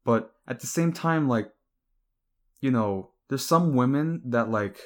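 A man's voice: mid-range voice, expressive, takes it slowly. A young man talking casually to the camera in a rambling, hesitant way, full of fillers and restarts. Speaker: vlogger.

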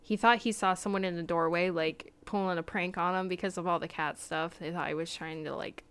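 A woman hosting a podcast, telling a spooky story in a casual, chatty way that sometimes drops to a hushed tone. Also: lowish voice, steady tone, brisk, smooth. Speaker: podcast host.

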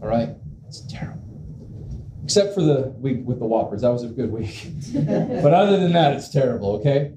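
A man in his forties preaching a humorous sermon as pastor, animated and self-mocking, with comic asides. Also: mid-range voice, a little fast. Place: church sanctuary. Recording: echoey church hall with room noise.

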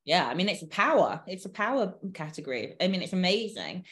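A woman's voice: fairly low pitch, big pitch swings, fast talker, fairly bright tone. A British woman co-hosting a podcast, chatting casually with blunt teasing humor and frequent laughter. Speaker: podcast co-host.

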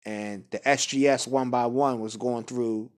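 A man's voice: mid-range voice, fairly even intonation, a little slow. A man casually telling a personal story in a laid-back, conversational way. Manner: laid-back, conversational, with frequent fillers and asides. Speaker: guest speaker.

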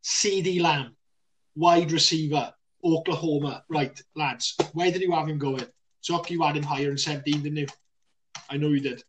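A man co-hosting a casual sports podcast, excitable and full of banter, laughing often. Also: a little high, normal speed, distant mic, slight background noise. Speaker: podcast co-host.

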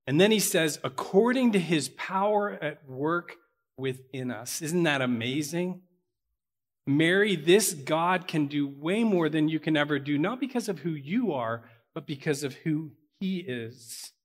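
A man's voice: fairly high pitch, animated, a little slow. A man preaching a sermon to his church, earnest and building to emphatic peaks. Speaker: pastor.

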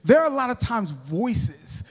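A man in his forties delivers a sermon in a fairly high voice, pressing his points with repeated restarts and calls to the congregation. His words ring out with a long reverb through a large church sanctuary. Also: sing-song, a little slow, slightly rough. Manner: emphatic preaching with repeated restarts and audience calls. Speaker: pastor.

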